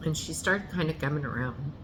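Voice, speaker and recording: A woman telling a painful personal story in an earnest, halting way, often restarting and correcting herself. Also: low voice, expressive, noisy background.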